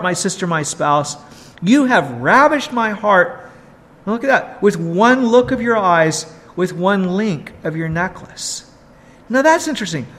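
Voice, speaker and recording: A man preaching a sermon, slow and earnest, stressing points with rhetorical questions. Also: high-pitched, fairly bright tone. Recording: long hall reverb.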